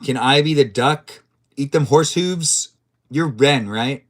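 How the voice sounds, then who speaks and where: A man's voice: mid-range voice, takes it slowly. Playful chatty male game streamer. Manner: playful, chatty, reads chat aloud and reacts to the game. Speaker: live streamer. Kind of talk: casual gameplay live-stream chat.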